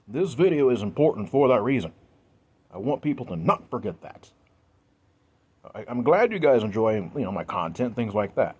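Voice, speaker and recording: A man's voice: mid-range voice, husky. A man speaking to his viewers in an earnest, emphatic monologue, repeating himself and sounding emotional. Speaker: video creator.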